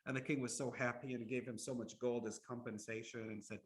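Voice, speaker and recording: A man giving a storytelling sermon as an Islamic lecturer, lively, often restarting his words and acting out the quotes. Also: mid-range voice, a little fast.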